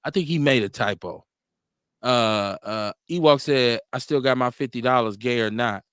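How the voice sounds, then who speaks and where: On a casual live stream, a male host reads viewer comments out loud and answers them frankly, laughing often and repeating himself. His mid-range voice is slightly bright and clean, at a moderate pace, with clean studio sound and no room noise.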